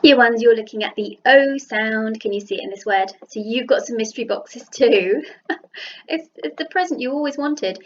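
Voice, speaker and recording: A woman with a Southern English accent teaching a phonics lesson to young children, sounding out letters slowly and praising them. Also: a little high, muffled recording, a little hiss or hum. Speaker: primary school teacher. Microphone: computer mic while writing with a mouse.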